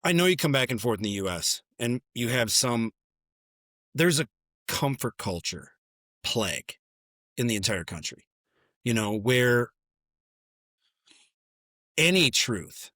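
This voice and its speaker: A man's voice: medium pitch, big pitch swings, measured pace, long pauses, bright, forceful tone, dry recording, studio quality. A man hosting a podcast who asks questions with energy and often restarts his sentences. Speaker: podcast host. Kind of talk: casual interview conversation.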